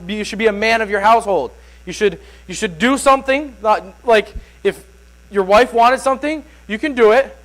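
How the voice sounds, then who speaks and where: A man preaches a Sunday sermon in an offhand, conversational way. His voice sits high for a man, and he often restarts sentences and leans on filler words. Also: fairly bright tone, poor audio.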